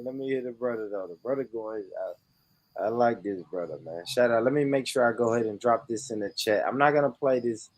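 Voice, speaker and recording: A man's voice: medium pitch, darkish tone, dry recording. An American man streaming a casual reaction chat, laughing often and swearing emphatically. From United States.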